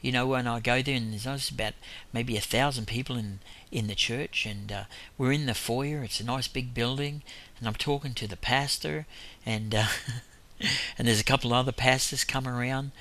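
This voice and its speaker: A man's voice: mid-range voice, fairly even intonation, normal speed, bright, forceful tone. A man preaching in an informal testimony style, telling rambling stories with frequent chuckles.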